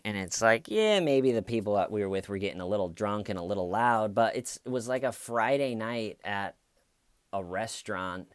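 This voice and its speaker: A man's voice: fairly low pitch, animated, normal speed, clear, resonant tone, no room sound, clean studio sound. A man, a stand-up comedian, telling a casual story to camera in a rambling way, full of fillers.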